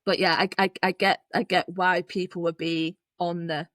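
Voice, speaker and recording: Brief: young woman, podcast co-host, somewhat low voice, casual filler-heavy talk, dry close mic. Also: level tone, moderate pace, fairly bright tone, no echo. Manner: chatty, frequent "like" and "you know", repeats herself. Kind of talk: casual film review chat.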